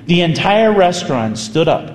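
A man preaching, a priest spinning a story with animated emphasis. His voice sits a bit high. It rings through a large echoing hall with a long reverb tail. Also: moderate pace, slight background noise. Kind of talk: sermon storytelling.

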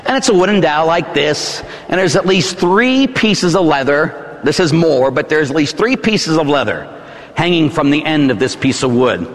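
Brief: dramatic male preacher, lively pitch swings, theatrical storytelling. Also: normal speed, big-room sound. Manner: vivid, theatrical storytelling with sudden shouts. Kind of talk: dramatic sermon.

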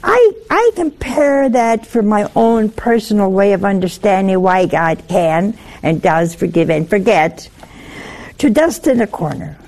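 A woman's voice: mid-range voice, expressive, unhurried, a little mellow. A woman giving a conversational sermon, telling folksy, humorous stories. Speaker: religious speaker.

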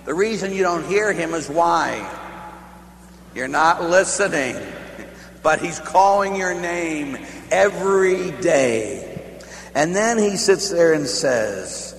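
Priest telling a story in a reverberant hall. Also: male voice, high voice, animated, measured pace, a bit bright. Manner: storytelling with acted quotes and rising emphasis. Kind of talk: retreat talk. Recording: echoey hall with long reverb and faint hum.

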